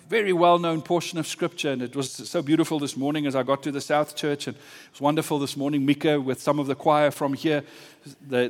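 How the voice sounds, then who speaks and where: A man preaching a sermon as a pastor, earnest and emphatic, slowing down to stress key phrases. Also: mid-range voice. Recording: long hall reverb.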